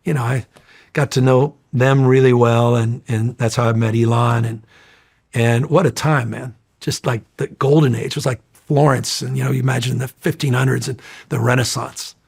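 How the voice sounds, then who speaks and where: A middle-aged man telling stories in a casual interview, energetic, rambling and profane. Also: medium pitch, moderate pace, husky. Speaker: interview guest.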